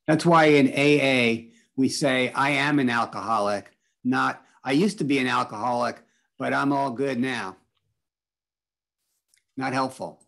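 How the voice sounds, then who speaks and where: A man leading an online spiritual workshop on a video call, encouraging the group and repeating back their answers. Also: mid-range voice. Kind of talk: teaching an online group session.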